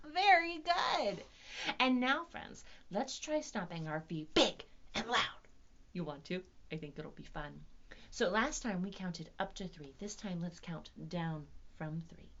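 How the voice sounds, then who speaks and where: A woman's voice: mid-range voice, slow, pushed and bright, muffled recording. A woman leading a virtual storytime for young children, talking in a sing-song, exaggerated, playful teacher voice. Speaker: children's librarian.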